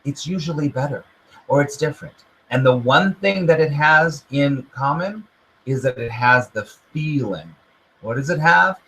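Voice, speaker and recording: Male self-help host, slightly high voice, lively, motivational talk, plays out his own inner doubts. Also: unhurried, poor audio. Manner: animated, acts out the inner voice in quotes.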